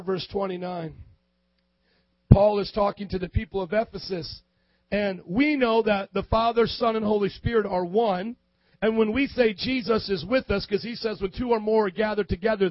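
A man with a high voice preaches in a fervent sermon and swells into shouting on his strongest points. The sound is dry and slightly dull. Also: no echo. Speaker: pastor.

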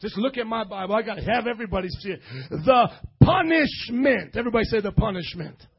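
A man pastor preaching a sermon, calling out to his congregation and building to shouts. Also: sits high, lively intonation, a little fast, gravelly, breathy edge, highs cut off. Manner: preaching with rising shouts and audience call-and-response.

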